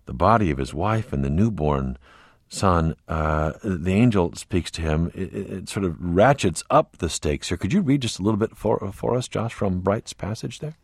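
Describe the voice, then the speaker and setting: A man hosting an interview, describing a novel in measured sentences and asking his guest questions. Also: sits low, lively intonation, no echo, studio quality. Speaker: radio interview host. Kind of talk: interview talk.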